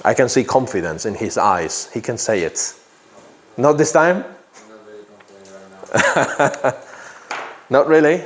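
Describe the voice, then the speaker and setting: A male teacher in a classroom talks slowly, spacing out his words. His pitch rises and falls a lot as he repeats example sentences and quizzes his students. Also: sing-song. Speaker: English teacher. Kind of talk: classroom grammar explanation.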